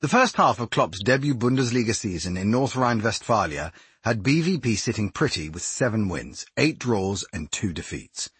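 Male narrator, husky and low, lively intonation, dry close read. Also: moderate pace, no echo. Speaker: audiobook narrator. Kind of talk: scripted narration.

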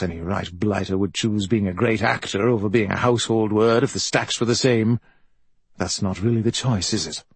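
A man voicing a boisterous, profane middle-aged male film star with a Welsh accent and a husky voice, swaggering and rambling. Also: fairly low pitch, dry recording, heavily acted. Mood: rueful. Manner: brash, swaggering, rambling storyteller.

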